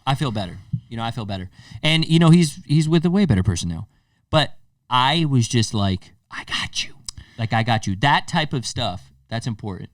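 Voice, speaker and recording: A young man co-hosting a casual podcast, animated and profane as he acts out the people in his stories. He sits a little away from the mic in a dry, dead room. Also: medium pitch, normal speed, no echo, distant mic. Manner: animated, swears freely, acts out quotes. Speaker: podcast co-host. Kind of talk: casual storytelling chat.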